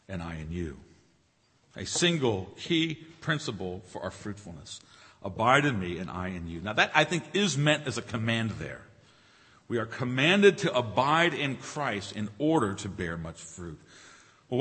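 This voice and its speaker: A man's voice: medium pitch, pushed and bright. A man preaching a sermon as pastor, emphatic, repeating key phrases and asking rhetorical questions. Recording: reverberant hall.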